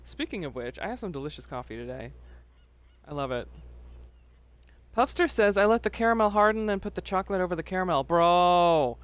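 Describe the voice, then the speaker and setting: A woman's voice: fairly low pitch, lively intonation, fast, long pauses. A woman streaming live who chats casually, laughs often and reads viewers' messages aloud. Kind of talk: casual livestream chat.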